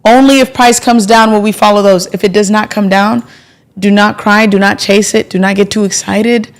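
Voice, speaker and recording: A young adult woman hosting a live stream about stock trading, talking casually and playfully, with sudden bursts of excitement as she thanks her subscribers. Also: mid-range voice, normal speed. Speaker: livestream trading host.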